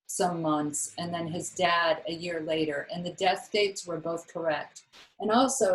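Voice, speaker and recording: Chatty low-voiced yoga teacher woman. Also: poor audio. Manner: chatty and rambling, many "like" fillers. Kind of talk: casual yoga class talk.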